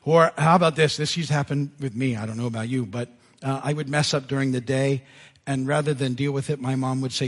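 Husky-voiced man preaching a lively sermon. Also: medium pitch, brisk. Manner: animated, retells scripture with lively asides. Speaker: pastor. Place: church sanctuary.

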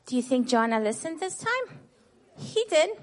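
A woman tells children a Bible story with lively, expressive energy, ending almost every sentence with "right?" Her voice is high-pitched and her pace normal, and she poses questions to the kids before answering them herself.

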